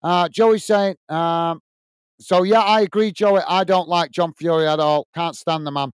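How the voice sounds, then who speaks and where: A man with a high, smooth and clear voice hosts a live football watch-along in a dry, close sound. He chats in a blunt, opinionated way and answers viewer comments one by one. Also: steady tone, a little slow, dry recording. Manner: chatty, reads viewer comments aloud and answers them. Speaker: host.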